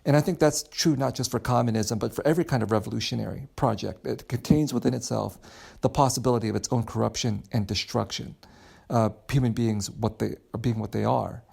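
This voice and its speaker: Gravelly husky man, thoughtful author. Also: mid-range voice, a little fast, a little mellow. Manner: thoughtful, earnest, with many restarts. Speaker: author guest. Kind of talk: podcast interview answer.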